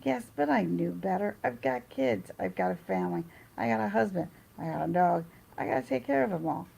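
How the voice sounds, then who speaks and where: A woman's voice: medium pitch, animated, brisk, creaky, dark tone, breathy edge, low-quality recording. A woman chatting casually on a livestream, reading her chat and rambling through personal stories with restarts.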